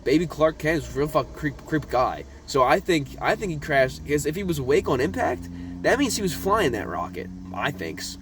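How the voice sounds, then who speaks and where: A young man giving a casual, profane rant about a TV episode from his notes, excitable and laughing, swinging from loud high outbursts to low mumbles. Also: normal speed, noisy background. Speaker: vlogger reviewing a TV episode.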